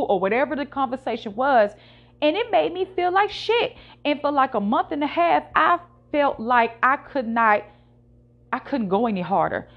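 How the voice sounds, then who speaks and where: A woman's voice: fairly high pitch, expressive, measured pace, highs cut off. A woman hosting her own podcast, speaking candidly and emotionally in a casual monologue with slang. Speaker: podcast host. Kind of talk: personal confessional monologue.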